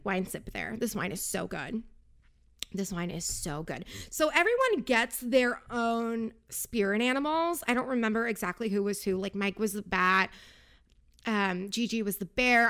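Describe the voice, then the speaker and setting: A woman's voice: fairly high pitch, expressive, normal speed, a bit bright, clean tone. A woman chatting casually as she recaps a reality show, gossipy, with sarcastic asides.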